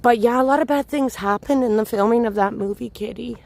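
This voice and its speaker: Walking a city park at night with her phone, a woman livestreams and answers viewers by name in casual chat. She talks fairly quickly in a slightly high, a little mellow voice with some vocal fry.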